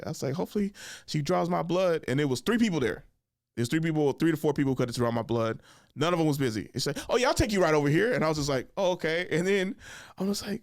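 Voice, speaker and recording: A young man hosting a podcast, telling funny stories in a casual chat, jumping into high voices to act out other people and laughing along. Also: no room sound, clean studio sound. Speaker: podcast host. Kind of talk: casual storytelling monologue.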